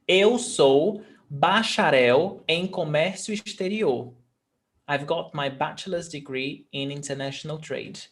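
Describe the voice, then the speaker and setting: A man with a Brazilian accent teaching Portuguese in an online class, explaining slowly and patiently while switching between English and Portuguese. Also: fairly high pitch.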